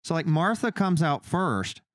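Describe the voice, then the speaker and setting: A man's voice: fairly high pitch, measured pace, no echo, clean studio sound. A man co-hosting a podcast in a casual faith discussion, talking animatedly and acting out the people he quotes. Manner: animated, acts out quoted speakers in his retelling. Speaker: podcast co-host.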